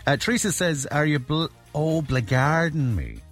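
A man's voice: a little high, lively intonation, moderate pace, faint music behind. A middle-aged Irish man hosting a casual chat show, joking, laughing often and reading out listener messages. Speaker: radio host.

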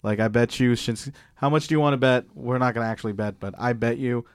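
A man's voice: medium pitch, steady tone, quick pace, clean tone, no echo. Guy rambling on a podcast, laughs a lot, dry mic. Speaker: podcast co-host. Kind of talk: casual wrestling chat.

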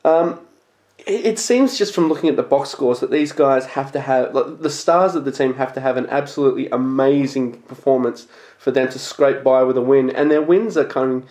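A man hosts a casual sports podcast alone, talking bluntly and with plenty of excitement and the odd swear word. His voice sits at an ordinary middle pitch. The room around him rings with echo. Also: normal speed. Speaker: podcast host. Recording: echoey room.

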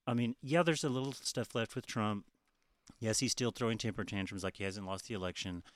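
Low-voiced guy hosting a podcast, swears a lot, chatty, dry close mic. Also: fairly quick, no room sound. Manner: chatty, profane, laughs often. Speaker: podcast co-host. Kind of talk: casual chat.

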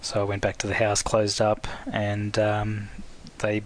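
A man's voice: lowish voice, completely flat delivery, unhurried. A man phoning in to tell a long personal story, slipping into quoted voices along the way. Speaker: caller. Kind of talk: recorded phone story.

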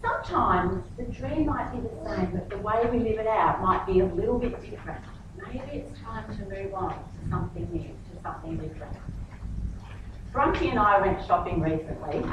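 A woman's voice: mid-range voice, moderate pace, slight background noise. Woman preaching in an echoey hall. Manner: animated storytelling, acts out dialogue. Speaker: pastor. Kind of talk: sermon with personal stories. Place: church hall. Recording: echoey hall, distant mic, muffled.

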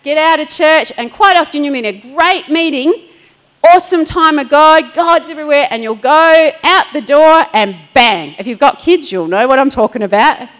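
Middle-aged woman, pastor preaching a sermon, chatty storytelling, fairly high voice. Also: lively intonation, moderate pace, a bit bright, low-quality recording. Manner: chatty storytelling with laughter and acted-out quotes.

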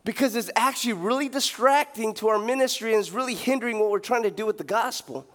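A young adult man preaching a sermon as pastor, animated and joking, sometimes mimicking loud street preachers. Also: quick pace. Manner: animated, acts out shouting street preachers with big pitch jumps; joking, laughs at his own asides.

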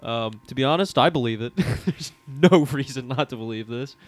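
A man's voice: medium pitch, no echo. A man co-hosting a casual comedy podcast, reading items aloud with many fillers and frequent laughter. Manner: laughs often, reads aloud haltingly with fillers. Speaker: podcast co-host.

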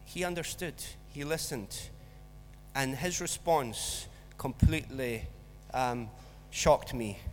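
A man's voice: mid-range voice, slow, soft background music. A man preaching a sermon, telling a school story with acted-out voices. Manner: storytelling, animated, acts out voices in anecdotes. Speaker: pastor. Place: church hall. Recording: long church hall reverb.

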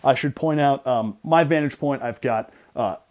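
A young man co-hosting a casual sports podcast, retelling a gym story in an animated way with lots of restarts. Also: medium pitch, normal speed, highs cut off. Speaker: podcast co-host.

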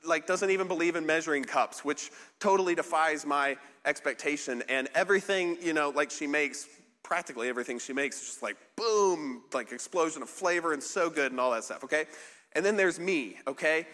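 A man preaches a relaxed, conversational sermon, his bright, lifted voice carrying a lingering reverb from the large hall. He talks in a rambling, self-deprecating way, stopping and restarting with plenty of ums and likes. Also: a little high, a little fast. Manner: chatty, self-deprecating, many fillers and restarts. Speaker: pastor. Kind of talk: casual sermon.

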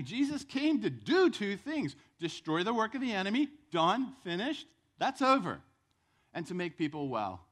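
A man preaching a sermon in a church, fervent and exhortative, repeating phrases for emphasis. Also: high-pitched. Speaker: pastor. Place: church sanctuary.

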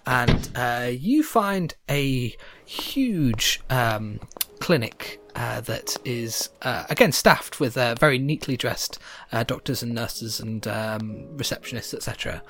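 A game master narrating a tabletop game scene, halting with many fillers. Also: medium pitch, animated, fairly bright tone.

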